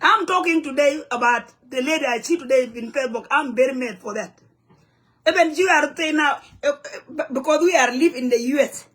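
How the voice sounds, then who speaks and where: South sudanese woman, high voice, angry rant to camera in broken english. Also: fairly quick, a bit bright. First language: Nuer. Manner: heated, blunt, broken English mixed with Nuer phrases. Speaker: community vlogger. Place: home in the U.S.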